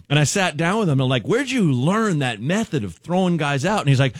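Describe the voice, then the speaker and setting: A man's voice: on the high side, sing-song, fairly quick, few pauses, no room sound, studio quality. A man, a comedian guest on a radio show, telling a story with lots of laughter.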